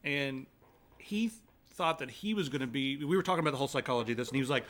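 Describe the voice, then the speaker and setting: A young man co-hosting a casual chat show, telling stories animatedly and dropping into quick impressions. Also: mid-range voice. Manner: animated storyteller who slips into quick voice impressions. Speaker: co-host.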